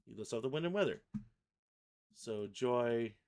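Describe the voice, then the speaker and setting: Gravelly man demoing software live. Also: medium pitch, animated, a little slow. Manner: thinking aloud, self-correcting. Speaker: software livestream host. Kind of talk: casual live software demo.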